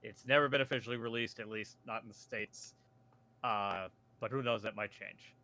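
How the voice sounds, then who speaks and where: Bright-voiced male podcast guest. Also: lowish voice, fairly even intonation, moderate pace. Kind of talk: casual chat.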